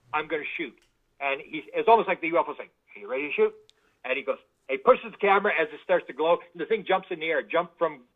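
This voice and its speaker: A man telling stories as a guest in an interview, animated and full of restarts. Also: on the high side. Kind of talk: anecdotal interview storytelling. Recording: tinny phone-like line.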